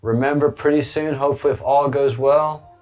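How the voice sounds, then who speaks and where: A man's voice: medium pitch, fairly even intonation, fairly quick, a little mellow, lo-fi sound, faint music behind. A man hosting a livestream, talking casually to viewers in a rambling way with frequent restarts. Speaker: livestream host.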